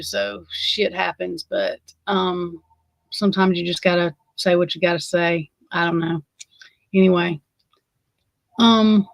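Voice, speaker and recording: A woman's voice: medium pitch, a bit bright, no room sound. A woman with an Alabama accent hosting a casual chat, rambling and swearing freely. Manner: rambling and profane, with frequent swearing. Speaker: host.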